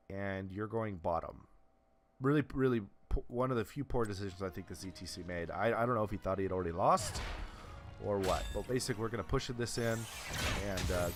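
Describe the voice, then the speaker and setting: A man's voice: lowish voice, slight background noise. A man giving casual, analytical commentary over video game footage, often restarting and filling with "uh.". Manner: analytical, lots of restarts and fillers. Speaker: gameplay commentator.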